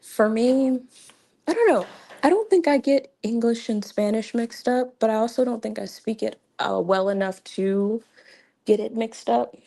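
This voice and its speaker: A woman's voice: fairly high pitch, moderate pace, creaky, warm tone. A young woman hosting a casual livestream, chatty and laughing often, with many fillers. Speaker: livestream host.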